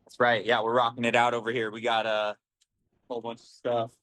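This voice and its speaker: Upbeat bright-voiced chef on a call. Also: male voice, medium pitch, completely flat delivery, a little fast, no echo. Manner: upbeat, hype-man energy. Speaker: restaurant chef. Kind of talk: casual video call greeting. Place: restaurant kitchen.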